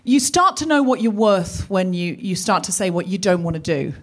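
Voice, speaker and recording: A woman's voice: lowish voice, animated, moderate pace, a crowd in the background. Woman doing standup stories into a stage mic, chatty and self-mocking, faint hiss. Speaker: comedy podcast co-host. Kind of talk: stand-up storytelling before a live audience. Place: arts centre stage. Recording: live stage recording, faint noise.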